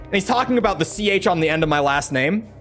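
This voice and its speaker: A man's voice: high voice, animated, quick pace, a bit bright, soft background music. A young man streaming a game, telling a rambling, self-mocking story in casual chat with lots of restarts. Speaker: gaming streamer.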